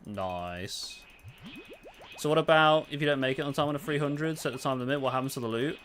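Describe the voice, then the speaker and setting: A man's voice: medium pitch, fairly quick, faint music behind. A young man streaming a game, chatting casually with his viewers, answering their questions and swearing now and then. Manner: relaxed, swears casually, answers chat while playing. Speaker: gaming livestreamer. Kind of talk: casual livestream chat.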